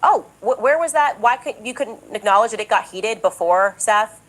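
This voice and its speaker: A woman's voice: fairly high pitch, lively intonation, moderate pace, a bit bright, low-quality recording. Indignant, insistent woman commentator. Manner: emphatic and indignant, insistent repetition; mocks others in a raised, exaggerated voice. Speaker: political commentator. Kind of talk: podcast monologue.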